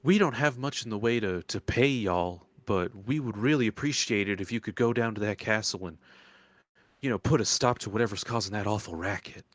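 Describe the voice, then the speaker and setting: A man puts on a Southern drawl to voice a folksy older woman who runs a swamp bait shack, rambling as she talks. His own voice is fairly low and a little fast, lightly acted with no room sound.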